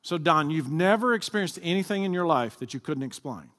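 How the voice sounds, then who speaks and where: Animated preacher in a reverberant hall. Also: male voice, fairly high pitch, fairly quick. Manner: talks with the congregation, asking them to answer aloud. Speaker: pastor. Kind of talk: sermon.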